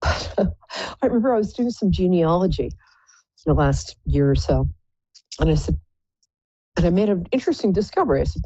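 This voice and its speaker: A woman's voice: fairly low pitch, lively intonation, brisk, pauses often, dark tone, slightly rough, no room sound, highs cut off. A woman hosting a live psychic call-in show, chatting in a playful, rambling, self-mocking way. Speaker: psychic radio show host.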